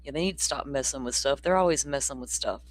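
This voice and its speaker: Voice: medium pitch, fast talker. A livestream host, chatting loosely and rambling while reading out viewer comments. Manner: loose and informal, with a casual swear. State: hiccups. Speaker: true-crime livestream host. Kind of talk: casual livestream chat.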